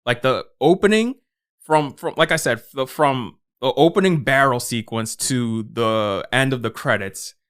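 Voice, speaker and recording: A man talks through a film review on a podcast at a mid pitch. He is casual and profane, and he jumps into quick acted-out reactions. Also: clean tone. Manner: animated, profane, acts out his own reactions. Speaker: podcast co-host.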